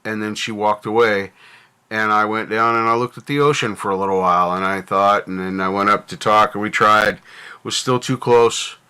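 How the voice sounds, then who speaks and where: Guy on stream talking it through slow, halting, lowish voice but bright and clear. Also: steady tone. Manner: halting, reflective, many fillers and restarts. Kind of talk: candid personal talk on stream.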